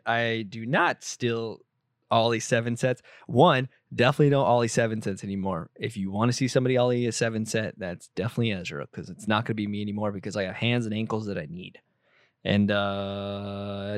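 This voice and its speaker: A man's voice: on the low side, no echo, studio quality. A young man, a photographer, answering viewer questions in casual chat, rambling with lots of swearing and self-corrections.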